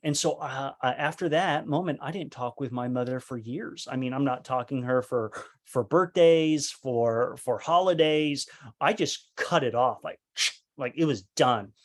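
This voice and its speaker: At a leadership training talk, a man with a mid-range voice speaks a little slowly as he earnestly shares a personal story. He restarts often and acts out the voices of the people he quotes.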